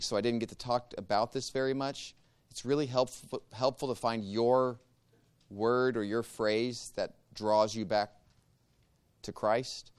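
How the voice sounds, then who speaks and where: A man guides a church group through meditative prayer, one step at a time. His voice is smooth and resonant and sits at a middle pitch. He speaks in a calm, measured way. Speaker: church teacher leading a meditation class. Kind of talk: teaching a guided prayer practice.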